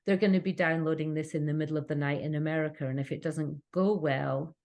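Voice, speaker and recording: Low-voiced Scottish woman, chatty guest. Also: steady tone, fast talker, gravelly, a little mellow. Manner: earnest, talkative, frequent restarts. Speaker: cake kit business owner, podcast guest. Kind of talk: casual interview chat.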